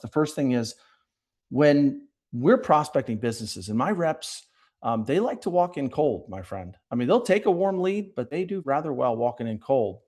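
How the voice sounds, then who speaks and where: A man being interviewed on a podcast, speaking directly and energetically, often acting out quick bits of sales dialogue. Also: mid-range voice, a little mellow. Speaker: podcast guest, sales leader. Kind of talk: conversational interview.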